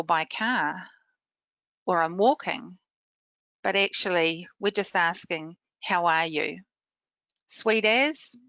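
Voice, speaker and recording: Bright, clear New Zealand woman presenting. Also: fairly low pitch, no room sound, low-quality recording. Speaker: literacy manager presenting a webinar. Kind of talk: scripted webinar presentation.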